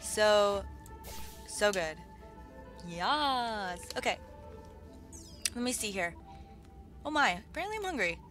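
A young woman giving excitable, gushing commentary while playing a video game, on a budget desktop mic. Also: mid-range voice, slow pace, long pauses, soft background music. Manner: excitable, gushing, lots of exclamations and laughs. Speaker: let's play host. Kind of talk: gaming commentary. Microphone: budget desktop mic with keyboard clicks. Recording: faint background noise, keyboard clicks.

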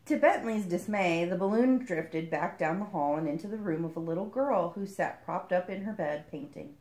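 A woman reading a picture book aloud as a storyteller, expressive and lively. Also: lowish voice, moderate pace, echoey room.

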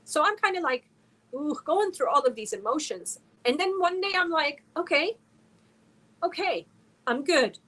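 A woman's voice: high-pitched, expressive, moderate pace, sharp tone, rough recording. A woman from Germany hosting a casual crochet livestream, talking earnestly and emotionally while reading viewer comments aloud. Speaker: crochet channel host.

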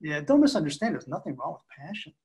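Middle-aged guy on a podcast, slightly high voice, super calm and measured, talks like a marriage expert. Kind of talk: podcast interview.

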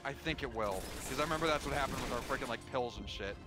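A man chatting as a co-op gaming partner, excitable and swearing freely. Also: mid-range voice, fast talker, music in the background. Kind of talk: casual co-op gameplay chat.

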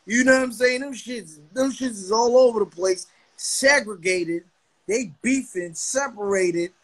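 Young male streamer, very high and breathy, swaggering mockery. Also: unhurried. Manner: brash, mocking, swaggering. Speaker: livestream host. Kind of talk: trash-talking livestream roast.

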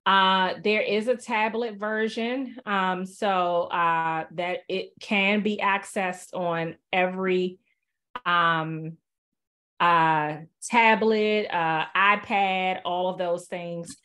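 A woman casually presenting software in a webinar, chatty and relaxed, with many fillers, over a video call. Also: fairly low pitch, drawn-out words, smooth.

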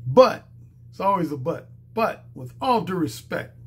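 A man who is a dating coach, talking in a strained, hoarse voice from a cold, lecturing his viewers emphatically and repeating his points. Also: high voice, sing-song, unhurried, a little hiss or hum. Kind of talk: monologue to camera.

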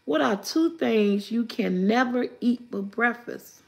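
High-voiced chatty woman. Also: expressive, vocal fry, darkish tone. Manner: laughs often, repeats questions slowly, chatty. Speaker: vlogger reading live chat riddles. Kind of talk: casual live-stream chat.

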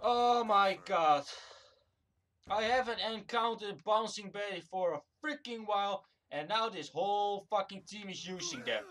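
A man's voice: high-pitched, a little slow, a bit bright. A man giving angry gameplay commentary, swearing constantly and ranting at other players. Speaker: gamer recording his own play.

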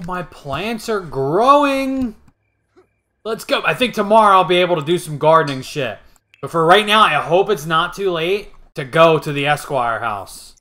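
Excitable, profane young gaming host. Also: male voice, on the high side. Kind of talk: casual gameplay commentary.

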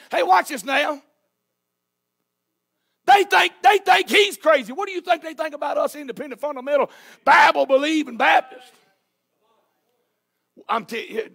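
A man's voice: very high voice, vocal fry, fairly bright tone. A man preaching a sermon as pastor in a church, emphatic and hollering. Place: church sanctuary.

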